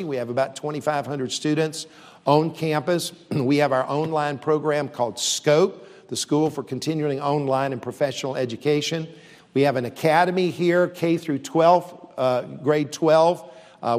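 Earnest guy, kinda higher voice, lots of uhs and restarts, big echoey hall. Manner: earnest, steady, with frequent fillers and restarts. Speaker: university leader. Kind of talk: speaking to a church audience. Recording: long reverb.

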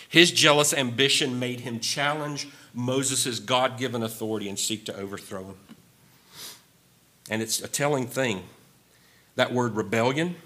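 A man's voice: medium pitch, bright, forceful tone. A man preaching a sermon with emphasis, repeating key phrases and sometimes wandering off his notes. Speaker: pastor.

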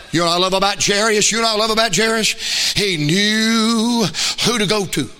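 A man preaching a sermon in a sing-song cadence that climbs to shouts. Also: sits high, a little fast, crowd noise.

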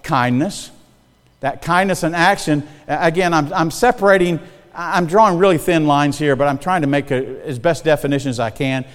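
Middle-aged male pastor, fairly high voice, folksy and conversational, preaching in a big hall with long reverb. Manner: folksy, conversational, checks in with the congregation. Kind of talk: sermon.

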